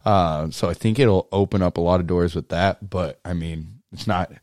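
A man's voice: deep voice, fairly even intonation, moderate pace, darkish tone, no echo, studio quality. A man co-hosting a podcast in casual chat, blunt and joking, laughing often and trailing off with fillers. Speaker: podcast co-host.

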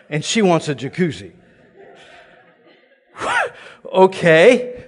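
A man preaching a sermon, telling a personal story with lively bursts of loud exclamation and laughter before a congregation. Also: fairly high pitch. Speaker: pastor. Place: large church hall before a live congregation. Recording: long reverb of a large hall.

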